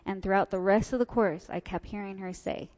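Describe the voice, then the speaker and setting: Addressing an audience, a woman shares a personal story in a steady, slightly mellow mid-range voice at a fairly quick pace. She acts out what people said to her, and a long hall reverb follows her words.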